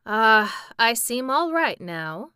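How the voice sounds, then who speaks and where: A woman voicing a gentle, agreeable male sawhorse who speaks mildly in a storybook reading. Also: mid-range voice, expressive, measured pace, smooth, no room sound, studio quality.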